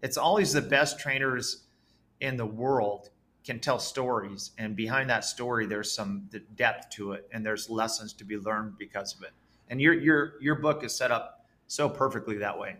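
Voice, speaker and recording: An entrepreneur being interviewed on a podcast, speaking with earnest conviction. His tone is bright and forceful, and his pitch sits in the middle range for a man. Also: normal speed. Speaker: entrepreneur guest. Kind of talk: conversational interview.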